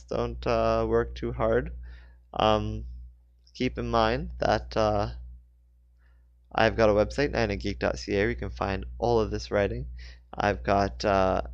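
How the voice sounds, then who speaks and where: A man's voice: on the low side, no room sound. A man, an author, reading his own book aloud in a casual way and sometimes correcting himself. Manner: casual, self-correcting reader. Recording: dry, dull lo-fi.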